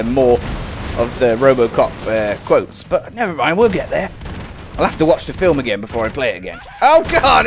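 A man giving casual, excitable and self-mocking commentary while playing a video game, chatting to his viewers. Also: mid-range voice. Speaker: gaming video host.

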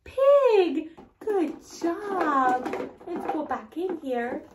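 Very high, sing-song toddler teacher woman. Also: sing-song, drawn-out words, roomy sound, very noisy. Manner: sing-song, exaggerated praise and gasps of wonder. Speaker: toddler teacher and show host. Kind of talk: toddler learning video.

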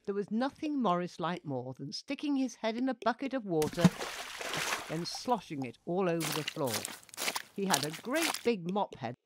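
Lively low-voiced storyteller woman. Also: normal speed. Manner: playful and expressive. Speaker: children's author and narrator. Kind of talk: bedtime story narration. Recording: noisy hiss behind the voice.

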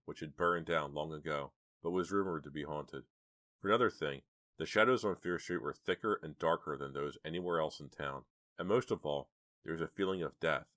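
Audiobook narrator, man, very deep voice, dry close sound. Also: fairly bright tone, dry recording.

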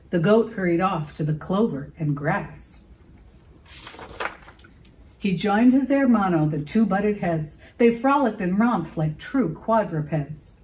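Woman, librarian, picture-book read-aloud for children, expressive, lively pitch, slow. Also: rough recording. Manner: expressive, asks children questions.

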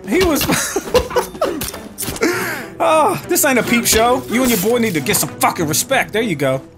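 A man's voice: extremely high pitch, sing-song, a little fast. A man giving brash, joking commentary while playing a video game, taunting enemies and talking to viewers. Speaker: gaming YouTuber. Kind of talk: profane gameplay commentary. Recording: music playing behind.

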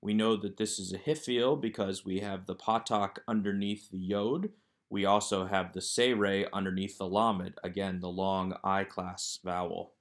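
Methodical lower-voiced man teaching grammar. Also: fairly even intonation, measured pace. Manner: methodical, explanatory walkthrough of exercises. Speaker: Hebrew teacher. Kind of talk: recorded grammar lesson.

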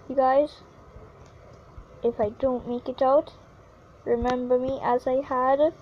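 A woman giving casual, excitable commentary on her own gameplay, yelping whenever she falls. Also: high-pitched, slow, long pauses, muffled recording, a little hiss or hum. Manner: chatty and excitable, yelps when falling. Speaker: gaming YouTuber.

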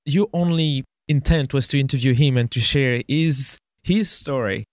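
A man's voice: medium pitch, normal speed, no echo, clean studio sound. A man hosting a podcast interview, chatting casually and laughing often. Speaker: podcast host.

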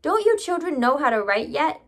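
A woman voicing a small male mouse who is running a classroom, with a brisk, impatient way of talking. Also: fairly high pitch, fairly bright tone.

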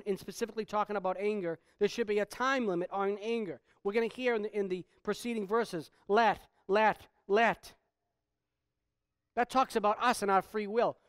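A man pastor preaching a sermon, swinging from quiet stretches to loud, emphatic preaching. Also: high voice, clear, resonant tone, dry recording, clean studio sound.

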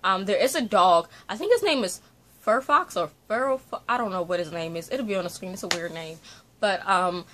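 A woman vlogging a casual book review from her bedroom, talking into a phone on a selfie-stick tripod, rambling and animated with lots of fillers. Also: mid-range voice, fairly quick, slight background noise. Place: bedroom at home.

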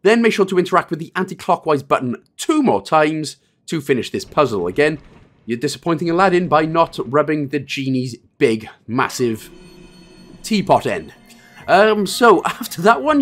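A man's voice: on the high side, big pitch swings, normal speed, soft background music. A man with a Welsh accent hosting a game walkthrough, giving step-by-step instructions with chatty, self-mocking asides. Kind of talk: joking gameplay walkthrough commentary.

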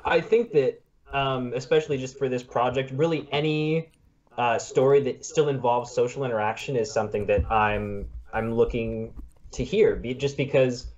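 A student interviewer, a man, working through his questions slowly with plenty of ums and restarts. His voice sits at an ordinary middle pitch and comes through a slightly muffled call line. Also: a little mellow. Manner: hesitant, many filler words.

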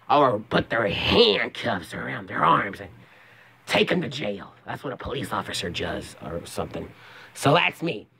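A young man voicing a stern male police officer puppet in a scratchy, low voice. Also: gravelly, sharp tone, slightly rough, heavily acted.

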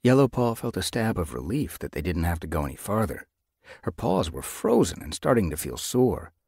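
Deep, gravelly male audiobook narrator. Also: big pitch swings, a little mellow, dry recording, studio quality. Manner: measured storytelling. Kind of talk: scripted narration.

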